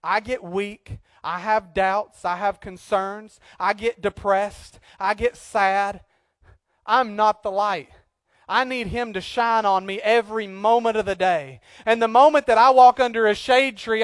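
A pastor preaching a sermon from a church pulpit in a joking, conversational way, swinging from quiet asides to loud, emphatic outbursts. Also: male voice, high voice, steady tone, unhurried, no room sound, clean studio sound.

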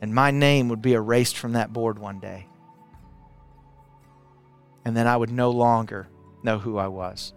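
A middle-aged man from Arkansas telling a personal testimony to a camera, building intensity through repetition and dropping quiet for emphasis. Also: medium pitch, clear, resonant tone. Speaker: speaker sharing a personal testimony. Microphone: camera, speaking to it.

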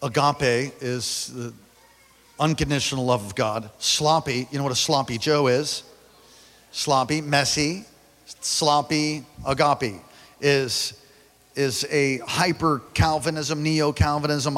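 A man preaching a sermon, telling stories with big animated energy and calling on the congregation to repeat after him. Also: mid-range voice, slow pace, big-room sound. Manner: animated storytelling, shouting at peaks; calls on the congregation to respond. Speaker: pastor.

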